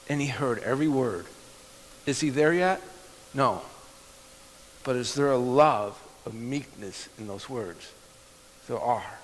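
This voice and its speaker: A man's voice: mid-range voice, takes it slowly, pauses often, slight background noise. A middle-aged man preaching a sermon, telling a personal story and acting out the voices in it. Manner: storytelling, acts out quoted dialogue. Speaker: pastor. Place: church hall. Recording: long hall reverb.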